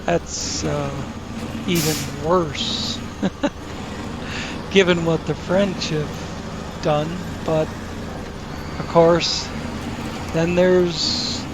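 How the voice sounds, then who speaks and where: A man hosting his gaming channel, rambling through gameplay commentary with self-corrections and crude asides. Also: fairly high pitch. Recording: game vehicle engine noise underneath.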